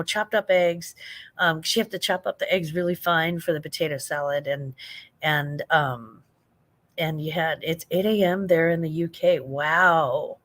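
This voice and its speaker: A middle-aged woman hosting a late-night livestream, chatting in a rambling way, laughing often and reading out viewer comments. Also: fairly low pitch. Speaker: livestream host.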